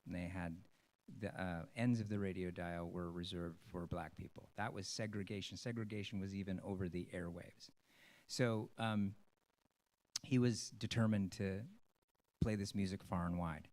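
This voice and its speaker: A man, a stage actor, giving an earnest, rambling personal talk to an audience, with many pauses and ums. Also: low voice, steady tone, a little mellow.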